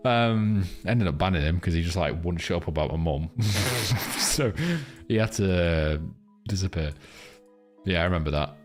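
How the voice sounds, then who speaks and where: A man's voice: low voice, normal speed, faint music behind. A man live-streaming, chatting crudely with his viewers and rambling between jokes and a chart lesson. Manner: crude, joking, rambling banter with chat.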